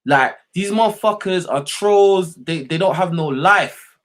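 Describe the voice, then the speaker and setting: Young streamer, slightly high voice, heated profane rant to chat. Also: male voice, unhurried, fairly bright tone. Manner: blunt, profane, heated, repeats "you know what I mean". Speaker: livestream host. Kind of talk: unscripted rant to livestream chat.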